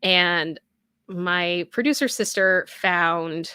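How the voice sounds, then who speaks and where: A woman's voice: on the low side, moderate pace, a bit bright, no echo, clean studio sound. A young adult woman hosting a casual live stream, reading viewer comments and chatting in a rambling way with many fillers and restarts.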